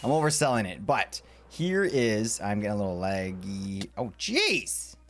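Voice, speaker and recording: A man chatting playfully with his viewers while streaming a building game, often jumping into sudden high squeals. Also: lively intonation, moderate pace. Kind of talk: live game stream chat.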